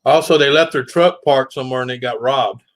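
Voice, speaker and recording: An easygoing man in a casual chat, rambling through a story at a relaxed clip. His voice sits at an ordinary pitch. The sound is dry and close. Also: brisk, no room sound, rough recording. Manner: easygoing storyteller, says yeah often. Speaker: regular guest.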